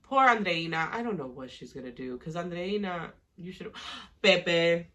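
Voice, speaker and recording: Bright-voiced woman ranting casually. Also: fairly low pitch, moderate pace. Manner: heated, profane, exasperated ranting. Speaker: reality TV recap vlogger. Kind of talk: casual reaction commentary.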